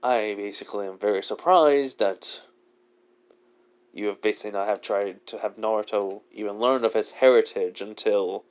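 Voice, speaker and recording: A man's voice: fairly low pitch, normal speed, clear, resonant tone, close to an everyday voice. A man voicing a weary, regretful elderly male village leader in a fan-made story, read in a plain, hesitant voice. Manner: plain reading voice, hesitant with fillers.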